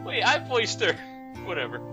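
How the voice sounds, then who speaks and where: A woman hosting a casual game dub, laughing with loud, exasperated outbursts, game music behind her. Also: mid-range voice, very animated, moderate pace. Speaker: let's play host dubbing a game. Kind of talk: casual dubbing play-through.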